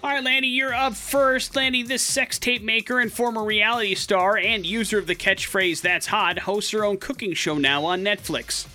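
A man co-hosting a morning radio show, chatting casually and excitably with plenty of fillers. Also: high voice, normal speed, few pauses, soft background music.

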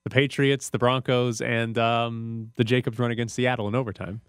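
A man hosts a casual sports talk show, recorded dry and close to the mic. His pitch is ordinary for a man. He talks in a measured way and walks through numbers to make his case. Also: flat delivery, clear, resonant tone, dry recording.

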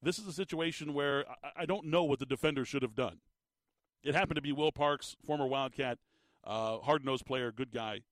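A man hosting sports talk radio, animated and emphatic, often repeating his words as he gets worked up. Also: medium pitch, moderate pace, no room sound. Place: radio studio. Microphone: studio microphone.

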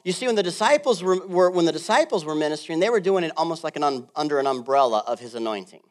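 A male pastor preaching a sermon in a casual, jokey way, swinging from loud bursts to quiet asides. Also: a little high, quick pace. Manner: animated, swings between loud and soft.

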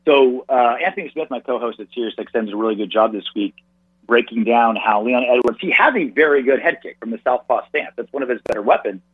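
Husky man on a phone line. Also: mid-range voice, no echo. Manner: animated, analytical, quick restarts. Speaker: radio and podcast host, guest analyst. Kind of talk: casual sports analysis.

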